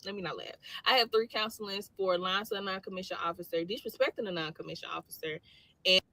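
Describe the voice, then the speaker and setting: A woman soldier tells a story in a vlog clip, slangy and animated as she acts out both sides of a dialogue. Her voice is bright and forward. The sound is dry and close. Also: medium pitch, fast, dry recording.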